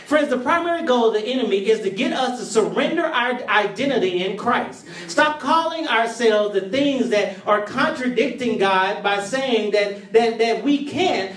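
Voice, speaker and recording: Pastor, mid-pitched, repetitive call-and-response sermon; echoey, distant church room sound. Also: animated, moderate pace, few pauses, fairly bright tone. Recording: roomy, heard from a distance.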